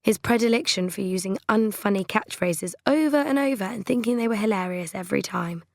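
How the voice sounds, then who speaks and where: A woman reading a novel aloud in a measured, wry storytelling manner. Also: mid-range voice, lively intonation, creaky, dry recording, clean studio sound. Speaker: audiobook narrator. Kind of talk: scripted narration.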